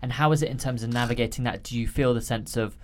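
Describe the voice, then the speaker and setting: A podcast co-host who asks questions in a calm, even way. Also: mid-range voice, fast. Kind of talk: casual podcast interview.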